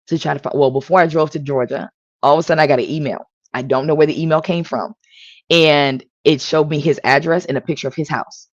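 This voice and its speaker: Earnest woman telling her story, dry close sound, bit of fry. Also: sits low, dry recording. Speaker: panel guest sharing her story. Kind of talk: personal testimony. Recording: dull lo-fi audio.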